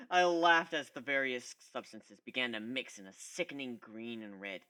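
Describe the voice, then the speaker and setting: This male reader performs a first-person fan story with dramatic flair, keeping a moderate pace that flows smoothly with hardly any pauses. His tone is bright and animated, and his pitch ranges freely.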